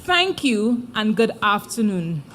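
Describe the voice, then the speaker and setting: Slow, formal woman speaker. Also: mid-range voice, sing-song, a bit bright. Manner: measured, formal. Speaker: committee speaker. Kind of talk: formal prepared address.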